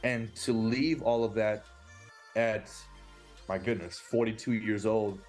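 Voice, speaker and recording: A man in his forties tells a heartfelt story in an interview. He speaks earnestly, restarts his sentences often, and slips into the voices of the people he quotes. Faint music plays softly behind him. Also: lowish voice, fairly even intonation, slow pace. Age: 40s. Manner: earnest, emotional, many restarts, acts out quoted speech. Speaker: basketball coach.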